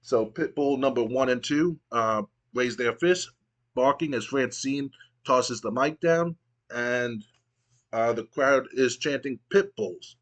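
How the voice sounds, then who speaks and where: A man's voice: medium pitch, slow pace, fairly bright tone. A man narrating his wrestling sim playthrough in a casual, play-by-play way. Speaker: gaming video host.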